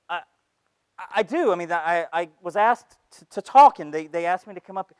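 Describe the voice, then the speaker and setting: A man's voice: sits high, lively intonation, moderate pace, smooth, dry recording. A man giving a comic stage talk, stammering and flustered as he speaks. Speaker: speaker at an event.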